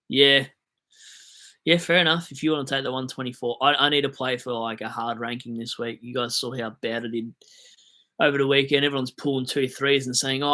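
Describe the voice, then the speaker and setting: A young Australian man hosting a casual livestream, reading out viewer comments and answering them with rambling, self-mocking jokes. His voice is bright and forward, with a middle pitch.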